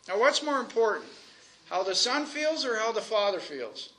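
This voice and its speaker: Male preacher, high-pitched, talks to the congregation like a conversation and draws out key lines slowly. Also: very animated, a bit bright. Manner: conversational, asks the congregation questions; stretches out key phrases slowly for emphasis. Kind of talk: sermon.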